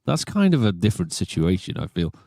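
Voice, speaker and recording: A man with a Northern English accent, a singer co-hosting a live singing stream, chatting casually with quick joking asides. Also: deep voice, big pitch swings, creaky, darkish tone, no echo, clean studio sound. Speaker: singer and co-host.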